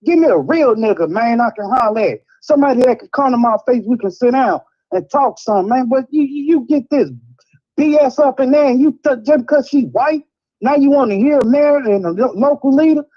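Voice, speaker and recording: A man's voice: extremely high pitch, fairly quick, dull audio. A man from Chicago calling in to a talk show, ranting in a rambling, frustrated way. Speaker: caller. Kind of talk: heated call-in rant.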